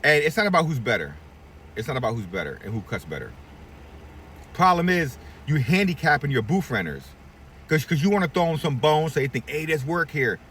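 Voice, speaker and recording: A middle-aged barbershop owner rants to the camera in a blunt, profane, preachy way, with his pitch jumping up and down a lot. He sounds a bit far from the mic, with faint traffic noise behind him. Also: sing-song, brisk, a bit bright. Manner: blunt, profane, preachy, acts out quoted voices. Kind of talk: candid advice rant to camera.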